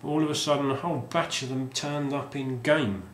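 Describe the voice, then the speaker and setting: A man's voice: mid-range voice, fairly even intonation, a little fast, a little hiss or hum. A man casually showing off his game collection, rambling and hesitant with lots of ums and restarts. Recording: roomy sound with faint ambience.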